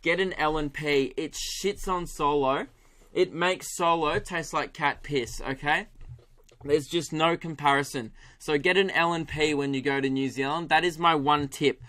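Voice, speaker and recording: Young Australian comic host, bright, slightly high voice, animated and profane. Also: male voice, measured pace. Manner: animated, swearing, laughing, doing impressions. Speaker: podcast host. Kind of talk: solo comedic podcast rant.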